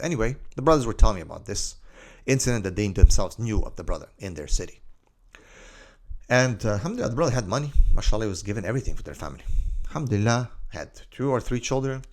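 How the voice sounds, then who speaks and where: Deep gravelly man telling a story. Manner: lively, scattered storytelling with many asides. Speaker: Islamic life coach. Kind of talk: storytelling monologue.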